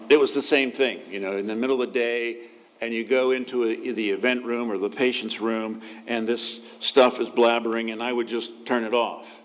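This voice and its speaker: A man, a pastor, giving a conversational sermon with asides and restarts. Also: mid-range voice.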